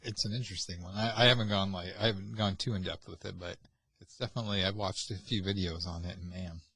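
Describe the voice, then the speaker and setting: A man co-hosting a casual podcast, easily amused and quick to react, with music playing behind him. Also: sits low, steady tone, bright, forceful tone, husky, dry recording. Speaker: podcast co-host. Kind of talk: casual chat.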